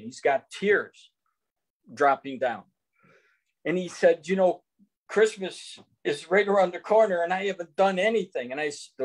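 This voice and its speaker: Older guy on a zoom call telling his testimony, earnest, kinda high voice. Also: slightly rough. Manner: earnest, recounts dialogue in quotes. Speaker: guest giving testimony. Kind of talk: testimony storytelling. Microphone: video call.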